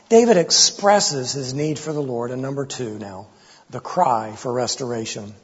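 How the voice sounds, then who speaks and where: A man's voice: medium pitch, moderate pace, slightly rough. A man preaching an expository sermon with an impassioned delivery, voicing the psalmist's pleas. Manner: impassioned, voices the psalmist's pleas with rising intensity. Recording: lo-fi recording with long hall reverb.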